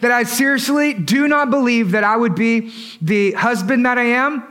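A man's voice: very high-pitched, normal speed, a bit bright. A pastor in his thirties preaching a sermon in a conversational way, often asking the congregation questions. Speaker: lead pastor.

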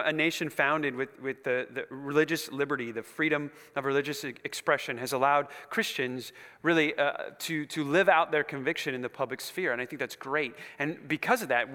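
Impassioned preacher man, bright forceful voice. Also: a little high. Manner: impassioned, swinging from hushed near-whispers to loud rising build-ups; conversational asides and repetition. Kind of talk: sermon. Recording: long reverb of a large hall.

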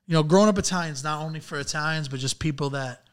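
A man in his thirties co-hosts a relaxed podcast chat, answering in a laid-back way with dry little jokes and plenty of "like". His voice sits slightly high for a man. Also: rapid-fire, clear, resonant tone. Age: 30s. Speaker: podcast co-host. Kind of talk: casual chat.

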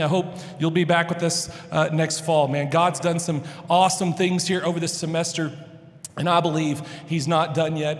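High-voiced pastor in a reverberant hall. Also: male voice. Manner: rambling, chatty, many restarts and fillers. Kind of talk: casual storytelling sermon. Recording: long reverb of a large hall.

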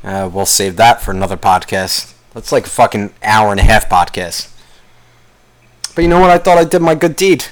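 A man's voice: fairly low pitch, lively intonation, normal speed. A man hosting his own podcast alone, ranting angrily in a rambling, profanity-heavy way. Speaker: podcast host. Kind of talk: solo podcast rant.

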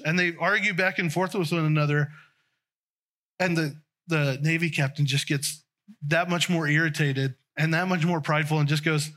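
Bright-voiced male preacher. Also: a little high, steady tone, normal speed. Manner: conversational, with restarts and trailing phrases. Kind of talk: sermon.

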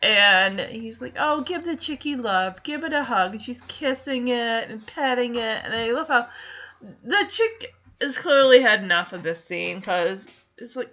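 Bright, lively woman host, giggly recap, slightly dull audio. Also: fairly high pitch, a little slow. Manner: animated, giggly, does voices. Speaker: podcast host. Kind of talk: casual episode recap.

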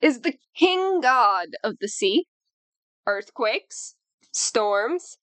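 Blunt, lively-voiced woman podcaster. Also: fairly high pitch, extremely slow, dry recording. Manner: blunt, dry, profane. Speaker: podcast co-host. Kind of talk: casual chat.

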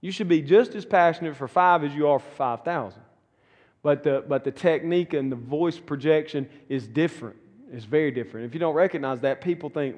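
A middle-aged Southern man teaching a church class, earnest and folksy, often circling back to repeat himself. His voice sits a little high for a man. The room around him rings with a long echo. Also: brisk, darkish tone. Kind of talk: conversational teaching talk.

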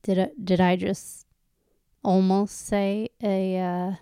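A woman's voice: medium pitch, flat delivery, slow pace, mellow, clean tone, no room sound, studio quality. A woman talking to her viewers in a candid, rambling monologue, going off on tangents and swearing casually.

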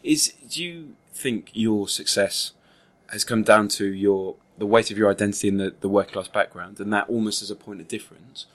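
Male interviewer, lowish voice, hesitant and halting. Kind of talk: interview questions.

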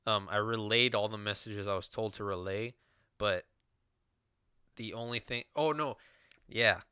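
A man's voice: on the low side, a little slow, bright, forceful tone, smooth, no room sound, clean studio sound. A man telling a personal story in a rambling, casual way, with lots of swearing and fillers.

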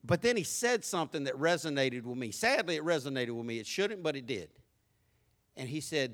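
A male pastor preaching a sermon, animated, moving from soft asides to shouts. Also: fairly high pitch, a little fast.

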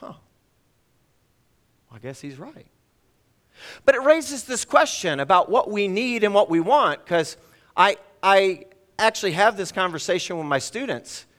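A man's voice: high voice, expressive, normal speed, fairly bright tone. A middle-aged man preaching a storytelling sermon at a church service. He acts out dialogue in different voices and puts rhetorical questions to the congregation. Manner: asks the audience rhetorical questions.

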